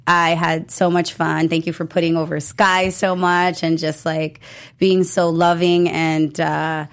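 A woman's voice: sits low, unhurried. A woman in her thirties, an interview guest and wrestler, chatting casually and telling stories with lots of fillers. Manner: chatty, animated storyteller, many fillers.

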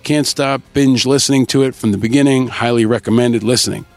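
A man hosting a podcast, upbeat as he reads out shout-outs and thanks to listeners in a casual scripted way. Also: mid-range voice, steady tone, brisk, no room sound, faint music behind. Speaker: podcast host.

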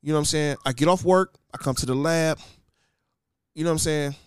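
A man's voice: on the high side, fairly quick, clear, resonant tone, dry recording. A man co-hosting a casual comedy podcast, ranting and mocking the people he quotes. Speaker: podcast co-host.

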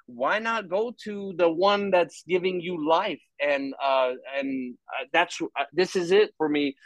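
A man speaking as an interview guest about his faith, talking in an animated, rambling way with many restarts. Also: on the high side, unhurried, no room sound. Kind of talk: faith testimony in conversation.

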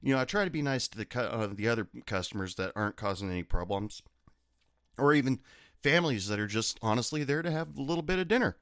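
Male bartender-storyteller, lively swinging pitch, dry close mic, profane and sardonic. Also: quick pace, no room sound. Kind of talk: casual storytelling.

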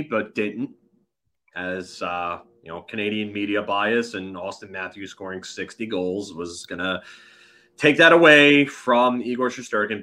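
A man co-hosts a hockey podcast as an analyst, offering opinionated takes in casual sports chat and occasionally fumbling his words. His voice is low, pushed, and bright.

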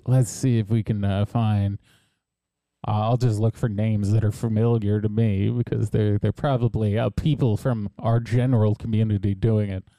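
A man's voice: lowish voice, level tone, normal speed, dark tone, no room sound. A man co-hosting a podcast, making dry, wry quips in casual comedic commentary. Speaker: podcast co-host.

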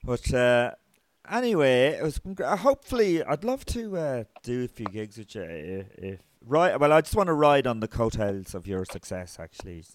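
A man chatting casually with a fellow comedian, his voice at an ordinary middle pitch. He hesitates often and lets sentences trail off. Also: very animated, normal speed. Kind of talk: casual conversation.

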